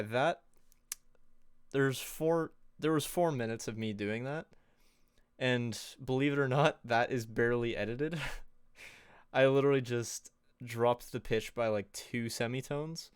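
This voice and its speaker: A man's voice: mid-range voice, measured pace, clear, resonant tone, no echo, clean studio sound. A man casually presenting tips on a livestream in a loose, chatty way, full of fillers and little laughs. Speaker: co-host presenting on sound design.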